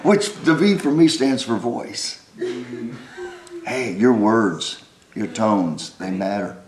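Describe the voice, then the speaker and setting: A middle-aged pastor with a lowish voice preaches from a church stage. He mixes joking asides with earnest calls to action. His voice rings with the echo of a big room. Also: animated, slow. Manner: wisecracking, then earnest exhortation. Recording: echoey church hall.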